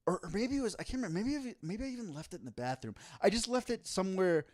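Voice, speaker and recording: A man's voice: high-pitched, sing-song, very fast, a little mellow. A man co-hosting a casual podcast, telling a long story with many restarts and laughs. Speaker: podcast co-host. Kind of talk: casual chat.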